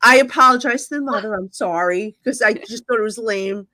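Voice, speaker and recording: Bright, lively woman telling stories. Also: on the high side. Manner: animated, acts out dialogue with quick asides. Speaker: psychic medium guest. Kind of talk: storytelling in a casual interview.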